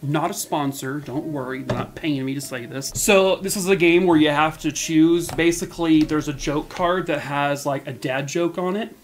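A man's voice: a little high, steady tone, a little hiss or hum. Chatty man wrapping up his video. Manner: chatty and quick with fillers, self-mocking. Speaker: true crime channel host. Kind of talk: casual video outro chat.

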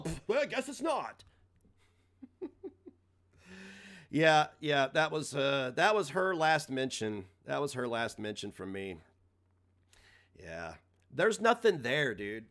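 A male streamer on a loose, profane rant, laughing at his own jabs as he goes. His pitch swings widely from low mutters to sharp high bursts. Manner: mocking, laughs often, swears freely. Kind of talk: casual live-stream rant.

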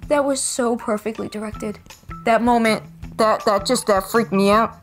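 A young woman with a high, bright voice reacts to an anime episode, gasping and squealing and tumbling over her own words. She talks loosely and repeats herself. Soft music plays faintly behind her. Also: steady tone, moderate pace. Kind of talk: excited reaction commentary.

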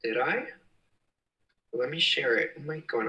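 A young man hosting a casual livestream, reading viewer comments aloud with excitable, giggly exclamations. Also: medium pitch, measured pace, distant mic, rough recording. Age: young adult. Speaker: livestream host. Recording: voice slightly off-mic.

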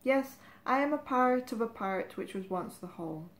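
A woman voicing an excitable, self-important male author, speaking in a grand, exclaiming way with the pitch pushed up. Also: moderate pace, roomy sound, lightly acted. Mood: exalted.

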